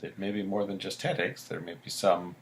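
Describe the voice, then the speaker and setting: Guy with a lowish voice going over soap plot stuff, easygoing, lots of ums. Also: fairly quick, slight background noise. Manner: relaxed, thoughtful recapping with many fillers. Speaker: podcast co-host recapping a soap opera. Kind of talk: casual chat.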